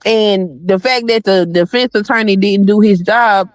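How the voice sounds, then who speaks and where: A woman's voice: mid-range voice, steady tone, a little slow, no echo. An indignant woman arguing bluntly on an online panel, swearing casually. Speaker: panel guest. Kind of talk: heated live panel debate.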